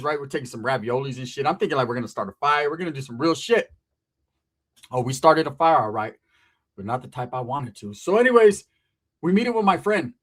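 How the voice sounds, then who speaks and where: A man in his forties from California telling a comedic story, profane and animated, acting out the people in it. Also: a little high. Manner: profane, animated, acts out voices.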